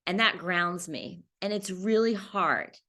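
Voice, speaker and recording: Woman, forties, survivor recounting her story; candid, halting delivery with many fillers and restarts. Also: on the low side, bright, forceful tone. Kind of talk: personal storytelling interview.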